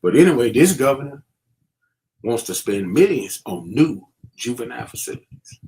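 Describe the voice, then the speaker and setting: A man's voice: mid-range voice, big pitch swings, normal speed, a little mellow. A middle-aged man giving casual, preachy commentary, using street slang and many fillers as he warns young people. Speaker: vlogger.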